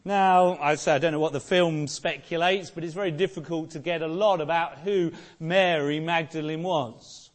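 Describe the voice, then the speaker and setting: Male preacher, slightly high voice; earnest Easter sermon full of repeated rhetorical questions. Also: fairly even intonation, moderate pace, hardly any pauses.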